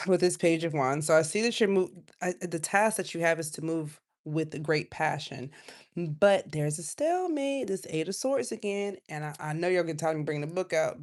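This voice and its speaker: A woman giving a casual live tarot reading, chatty and loose, drifting from quiet asides to loud outbursts. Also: lowish voice. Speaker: tarot reader.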